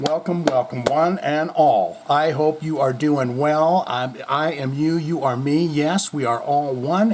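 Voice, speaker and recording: A man hosting his own heavy metal news podcast from home, rambling and joking with a lot of swearing. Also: fairly high pitch. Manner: rambling, jokey and profane with sudden swings in loudness. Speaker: podcast host. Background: people moving things around.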